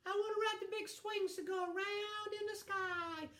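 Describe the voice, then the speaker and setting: A man voicing a whiny, excited six-year-old boy who pleads and repeats himself. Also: very high voice, moderate pace, pitched above the performer's own voice. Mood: eager pleading. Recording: roomy hall sound.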